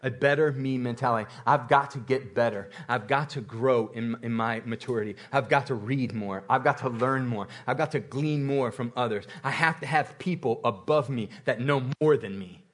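A man's voice: mid-range voice, normal speed, hardly any pauses, fairly bright tone. A man preaching a sermon, repeating phrases and building intensity, with occasional laughter. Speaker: pastor.

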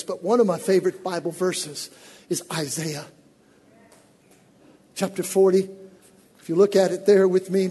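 Male preacher, very high-pitched and raspy, dramatic pulpit delivery from hushed to shouting, big hall echo. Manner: dramatic, swings from hushed asides to shouted exhortation; speaks directly to the congregation. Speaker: pastor. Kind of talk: sermon.

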